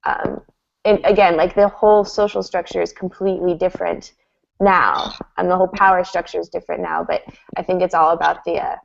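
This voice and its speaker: Gravelly low woman on a video call. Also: level tone, brisk, highs cut off. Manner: chatty, heavy use of "like". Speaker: commedia discussion participant. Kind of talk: casual group discussion on a video call.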